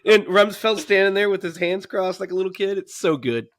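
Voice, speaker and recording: A man in his thirties co-hosting a casual movie podcast, animated and laughing often as he recounts scenes. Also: high-pitched, brisk. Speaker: podcast co-host.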